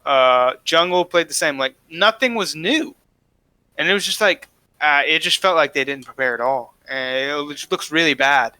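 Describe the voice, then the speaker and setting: A man's voice: on the high side, moderate pace, sharp tone, clear, resonant tone, no echo. A man co-hosting a casual esports podcast, breaking down matches in an opinionated, emphatic way and driving his points home by repeating them. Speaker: podcast co-host. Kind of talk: casual esports analysis chat.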